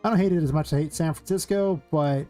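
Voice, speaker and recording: A man with a Californian accent and a somewhat high voice, chatting loosely during a live stream. He talks quickly and rambles from one thought to the next, with faint music playing behind him. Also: warm tone. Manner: fast, rambling talker. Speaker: game developer streamer. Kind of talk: casual streaming chat.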